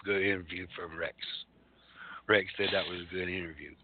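A man's voice: deep voice, flat delivery, normal speed. A man doing in-character wrestling trash talk, stammering and taunting a rival. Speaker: wrestling show personality. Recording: tinny phone-like line, faint hiss.

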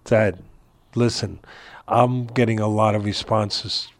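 An older man, a boxing trainer, telling a story in a casual interview from his home, animated and laughing as he talks. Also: fairly low pitch, slow. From New York area.

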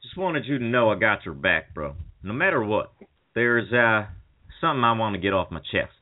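A man's voice: on the low side, animated, moderate pace, natural voice. A man doing a goofy pleading buddy voice. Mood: rambling confession. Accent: put-on drawl. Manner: pleading, rising to frantic yelps. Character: goofy young buddy pleading at a friend's sickbed. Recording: phone-like call audio.

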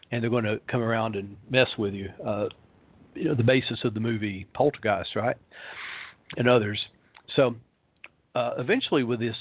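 Man, pastor telling ghost lore, lots of uhs, mid pitch, tinny phone sound. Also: no echo. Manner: rambling, many ums and uhs. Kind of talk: storytelling on a talk show.

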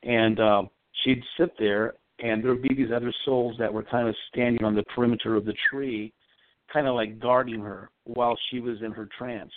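A man speaks over a thin, dry phone line, and his voice sits at an ordinary middle pitch. He is a psychic medium telling a long story in a rambling, earnest, conversational way. The sound is close and dead, with no room around it. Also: steady tone, moderate pace, no echo. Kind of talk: casual storytelling on a call-in show.

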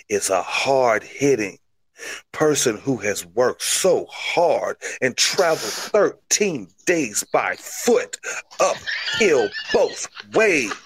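A man's voice: medium pitch, a bit bright, husky, heavily acted. A man playing a cocky, self-hyping wrestler, delivering an overblown mock-serious promo.

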